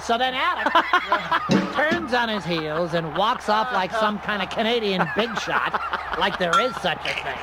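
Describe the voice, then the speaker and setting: Baseball play-by-play guy, high voice, rambling and chuckling, loud ballpark noise behind. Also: big pitch swings, a little slow. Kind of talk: play-by-play commentary.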